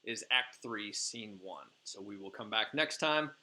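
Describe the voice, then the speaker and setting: A man's voice: on the low side, expressive, unhurried, bright, forceful tone, slight background noise. A male teacher retelling a play for his class in a chatty, informal way with lots of fillers.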